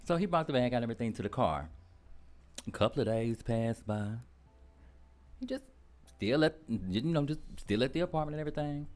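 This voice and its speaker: A man's voice: mid-range voice, fairly quick, long pauses, soft background music. A man on a radio show telling a gossip story, laughing often and acting out what people said. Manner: expressive, laughs often, acts out dialogue.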